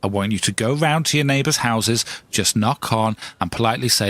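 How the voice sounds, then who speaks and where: A man's voice: lowish voice, a little fast, hardly any pauses, a bit bright, no echo. A man hosting a comedic podcast monologue, ranting in a self-mocking way. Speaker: podcast host.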